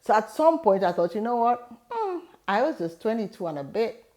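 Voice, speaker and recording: A woman's voice: fairly high pitch, big pitch swings, normal speed, a little mellow. A middle-aged woman hosting an advice video, telling a personal story in an earnest, encouraging way. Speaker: host giving advice. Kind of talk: motivational talk.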